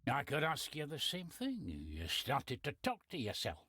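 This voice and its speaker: A man's voice: medium pitch, wildly swooping pitch, normal speed, bright, forceful tone, no room sound, clean studio sound, heavily acted. An actor playing a cryptic, wary old Scottish man in a video game, with folksy dialect and ominous hints. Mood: puzzled. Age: older. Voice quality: gravelly, husky voice.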